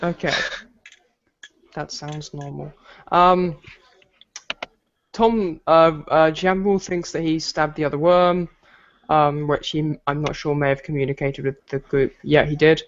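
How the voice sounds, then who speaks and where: A man's voice: a little high, steady tone, unhurried, long pauses, highs cut off. A man running a tabletop game as game master, narrating at an easy pace with fillers.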